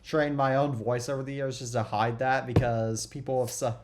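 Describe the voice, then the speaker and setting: A man's voice: medium pitch, little pitch movement, normal speed, darkish tone, slight background noise. Young man from the American Southeast. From southeastern United States. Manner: leans hard on words, drags out word endings. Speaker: podcast guest. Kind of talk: casual chat.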